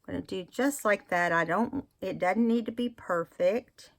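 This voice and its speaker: A woman with a medium-pitched, gravelly voice hosts a casual crafting tutorial at normal speed. She chats to viewers while she works and corrects herself along the way.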